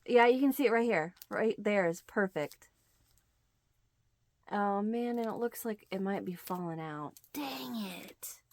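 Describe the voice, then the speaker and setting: A woman's voice: mid-range voice, unhurried, pauses often, no room sound. A middle-aged woman hosting a crochet channel, chatting to the camera and telling a story, acting out the quoted lines. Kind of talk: casual chat to camera.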